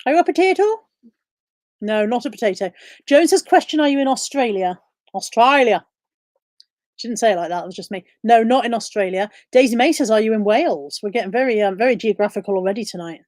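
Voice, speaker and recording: A woman's voice: fairly high pitch, quick pace, darkish tone, no echo, clean studio sound. Chatty woman reading viewer questions. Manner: reads viewer questions aloud and answers them. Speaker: live stream host. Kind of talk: casual live-stream chat.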